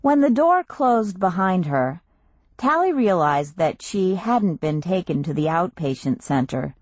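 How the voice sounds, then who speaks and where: A woman narrating an audiobook in a steady, measured reading voice, recorded on a close studio mic. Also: fairly low pitch, no echo.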